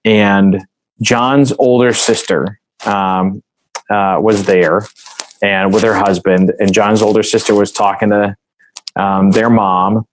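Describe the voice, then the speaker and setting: A man's voice: fairly low pitch, fairly even intonation, slow, slight background noise, low-quality recording. A man speaking as a podcast guest in a casual interview conversation, earnest and reflective as he tells a story.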